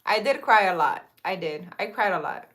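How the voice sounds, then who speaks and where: Bright-voiced woman giving earnest live advice. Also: medium pitch, animated, moderate pace. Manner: earnest and emphatic, addressing viewers directly. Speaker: live-stream host and spiritual advisor. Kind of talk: casual spiritual advice talk on a live stream. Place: outdoors in a park.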